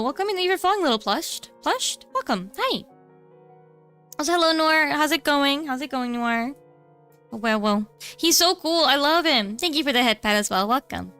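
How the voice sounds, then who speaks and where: A woman's voice: high voice, sharp tone. A young adult woman streamer chatting casually while drawing, rambling with many fillers and restarts.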